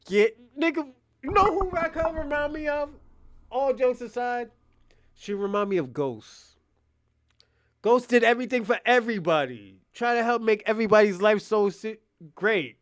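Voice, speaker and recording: Animated high-voiced man reacting live. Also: normal speed, clear, resonant tone. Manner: animated, loose and profane, talking to chat. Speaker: streamer reacting to a debate. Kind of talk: casual live reaction commentary.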